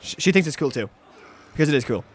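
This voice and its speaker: A young man hosting a gaming channel, talking through his playthrough in a lively, sing-song voice that sits slightly high. He rambles, restarts his sentences, and throws sarcastic remarks at the characters on screen. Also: quick pace, a little hiss or hum. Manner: excitable, sarcastic asides to game characters. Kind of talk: let's play commentary.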